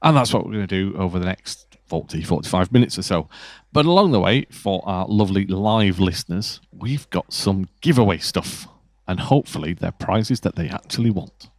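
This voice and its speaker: A man's voice: low voice, lively intonation, moderate pace, hardly any pauses. A man co-hosting a casual podcast chat, explaining things in a chatty way. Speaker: podcast co-host.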